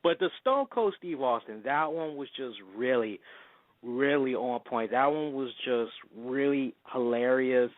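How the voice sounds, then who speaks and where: A man hosting a casual wrestling talk show, excitable and quick to slip into loud put-on voices. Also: mid-range voice, no room sound. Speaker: podcast host. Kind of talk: casual radio-style chat. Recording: tinny phone-line sound.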